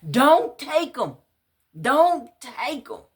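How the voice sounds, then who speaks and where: A woman voicing her younger narrator self, crying out in high, loud, drawn-out pleas. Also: big pitch swings, heavily acted. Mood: pleading. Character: desperate pleading woman narrator in younger days.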